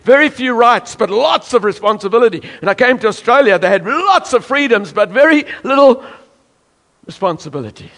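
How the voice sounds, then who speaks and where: A man's voice: very high-pitched, a bit bright. A man from South Africa preaching a sermon emphatically, now and then acting out voices from the congregation. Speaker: pastor.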